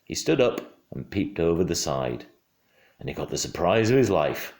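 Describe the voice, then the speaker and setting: A father reading a storybook aloud at home, expressive and hushed in quiet moments. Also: low-pitched, moderate pace, gravelly. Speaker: father reading to his child. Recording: roomy home room.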